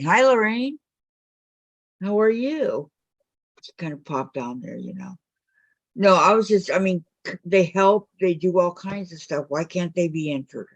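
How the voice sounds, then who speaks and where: An older woman with a fairly low-pitched voice hosts a quilting live stream on a video call, chatting casually, teasing her guests and reading viewer comments aloud. There is no echo.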